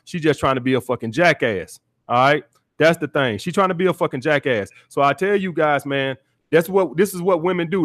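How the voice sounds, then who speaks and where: A man hosting a call-in dating podcast, his voice sitting a little higher than most men's. He talks bluntly and profanely, lecturing his listeners and leaning on "all right" over and over. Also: fairly bright tone. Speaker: podcast host, dating coach. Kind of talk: call-in podcast advice rant.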